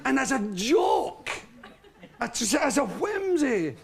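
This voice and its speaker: A man's voice: extremely high pitch, takes it slowly, gravelly, breathy edge, some chatter behind. Scottish man telling rambling funny stories. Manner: rambling, animated, laughing through his anecdotes. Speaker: guest. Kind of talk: storytelling on a chat show. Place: television studio.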